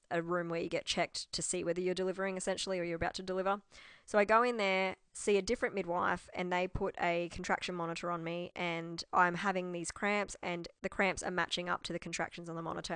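A young Australian woman telling her birth story in a chatty, animated way, acting out quoted dialogue. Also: on the low side, no echo, studio quality. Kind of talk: casual storytelling.

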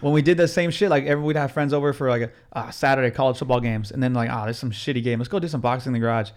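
A man's voice: medium pitch, racing. A man in his twenties hosting a podcast, chatting casually with heavy swearing and frequent laughter. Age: 20s. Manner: profane, rambling, laughs often. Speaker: podcast host. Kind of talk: casual chat.

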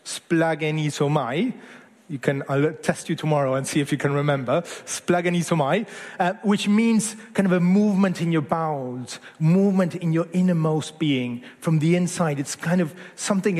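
A man's voice: on the high side, a little mellow, in a large hall. A man in his forties from Argentina, preaching a sermon in an earnest, conversational way that often corrects itself mid-phrase. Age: 40s.

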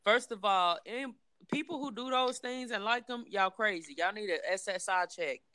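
Bright, crisp young woman telling candid stories. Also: medium pitch, normal speed, dry recording, clean studio sound. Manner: candid, profane storytelling with acted-out quotes. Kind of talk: casual chat.

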